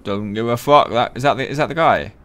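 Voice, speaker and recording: A man giving profane, excitable, joking let's-play commentary. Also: medium pitch, a little fast. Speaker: gaming channel host.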